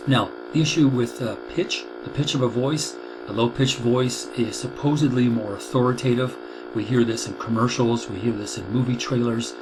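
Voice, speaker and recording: A man in his sixties giving a recorded video lecture as a college instructor, in a measured, deliberate way that stresses key words. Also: mid-range voice. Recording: steady hum under the voice.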